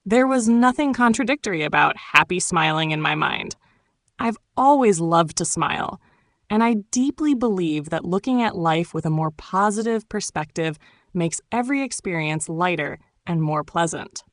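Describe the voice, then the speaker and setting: A woman reads her own memoir aloud, unhurried and reflective. Her voice sits on the lower side, and the audiobook recording is close and dry, with no room sound. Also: no echo. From Turkey. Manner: calm, reflective storytelling.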